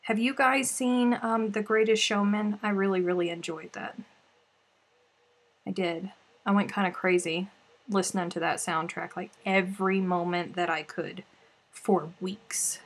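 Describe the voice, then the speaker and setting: A woman's voice: medium pitch, steady tone, unhurried. A woman hosting a crochet live stream, chatting casually and emotionally with viewers, turning teary and then laughing, rambling with restarts. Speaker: crochet livestream host.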